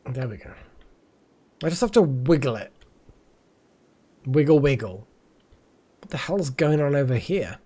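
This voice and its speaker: A man's voice: medium pitch, animated, unhurried, pauses often, warm tone. A tired man chatting casually and rambling while commenting on a game he is playing. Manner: rambling, chatty, repeats words. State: tired, yawning. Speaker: streamer.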